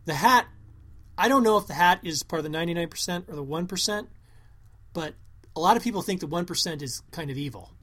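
A podcast co-host in relaxed conversation who works through ideas earnestly and at length. The voice sits at a medium pitch. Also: fast. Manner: earnest, reasons things out at length. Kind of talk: casual chat.

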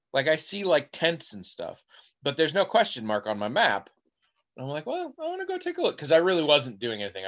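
Lively rambling male podcast host. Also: mid-range voice. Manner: rambling, digressive storyteller. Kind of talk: casual podcast chat.

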